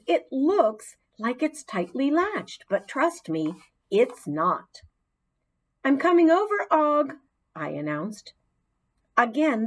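A woman narrating a children's storybook in the voice of a chatty hamster classroom pet, with expressive storytelling. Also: mid-range voice. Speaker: audiobook narrator.

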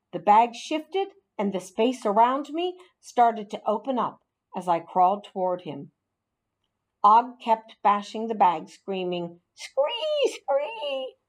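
A woman reading a children's storybook aloud in an expressive, animated way. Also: mid-range voice. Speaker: narrator.

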